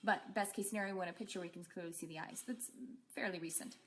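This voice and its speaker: A woman's voice: lowish voice, fast, slight background noise. A woman teaching a casual online class as an animal communicator, rambling along with many fillers and restarts.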